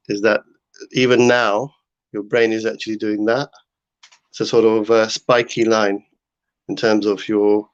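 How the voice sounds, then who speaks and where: A man's voice: lowish voice, no room sound. A man hosting a casual live talk to his viewers, rambling with many fillers and restarts. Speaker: host. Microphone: home setup. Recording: dull lo-fi sound.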